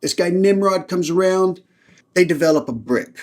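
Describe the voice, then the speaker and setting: A man with a fairly high voice reads scripture aloud and then retells it with casual, irreverent humor. He talks like a lay teacher chatting on his own podcast. His delivery is loose and joking rather than preachy. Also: moderate pace.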